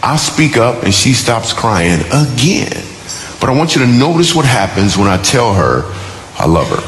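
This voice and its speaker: A man's voice: medium pitch, big pitch swings, normal speed, a little hiss or hum. A man preaching a sermon through a personal story, talking in a conversational, joking way before turning earnest. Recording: roomy hall with loud music underneath.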